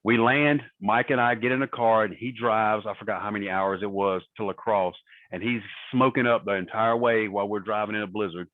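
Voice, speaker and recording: A man's voice: on the low side, steady tone, fairly quick, no echo. A man guesting on a podcast, telling profane, laughing anecdotes on a remote call. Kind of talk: casual storytelling. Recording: tinny phone-line sound.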